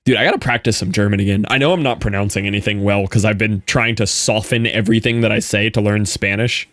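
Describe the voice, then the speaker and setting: A man's voice: fairly low pitch, quick pace, fairly bright tone, dry recording. Easygoing young American man, dry mic. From United States. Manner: rambling, explains things loosely with many "like"s. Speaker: gaming streamer. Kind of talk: casual chat while gaming.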